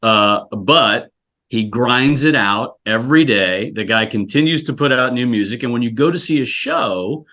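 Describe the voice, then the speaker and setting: A male guest from South Florida with a voice of ordinary male pitch. He speaks earnestly and thoughtfully about his work, often stopping and restarting his sentences. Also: moderate pace, sharp tone, muffled recording. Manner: earnest, reflective, with frequent restarts. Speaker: guest, scouting executive director. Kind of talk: casual interview chat.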